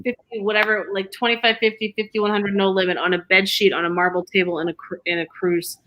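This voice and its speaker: A woman from Canada, a podcast guest recounting a trip in casual chat, quick and full of "like"s. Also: medium pitch, level tone, lo-fi sound. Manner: quick, filler-heavy recounting with many "like"s.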